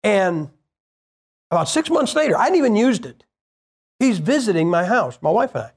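A man's voice: high voice, very animated, normal speed, slightly rough. A man preaching a sermon, telling a personal story in a plain-spoken, conversational way and firing rhetorical questions at the congregation.

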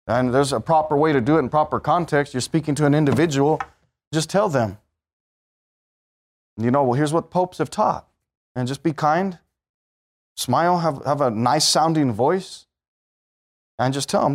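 Male pastor, emphatic pulpit delivery with sharp shifts in volume, slightly high voice. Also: brisk. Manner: emphatic preaching that swings from loud peaks to low asides. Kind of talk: sermon.

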